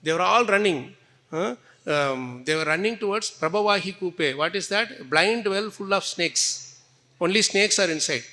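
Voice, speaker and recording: A male preacher gives a scripture class in a conversational, storytelling way. He keeps checking in with the listeners through short questions. His voice is high and bright. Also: animated, normal speed.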